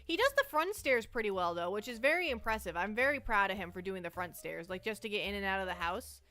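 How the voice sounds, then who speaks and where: Brief: jittery woman streamer, bright high voice, faint music behind. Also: animated, fast. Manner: nervous, rambling, self-interrupting. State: anxious and shaky. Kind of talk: casual live-stream chat.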